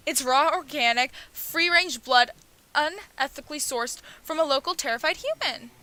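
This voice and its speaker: A woman's voice: high voice, pushed and bright. A young woman streaming a dating game, reading its text and dialogue aloud with playful, cheeky commentary. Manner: playful, reads character lines in her own voice, laughs and swears.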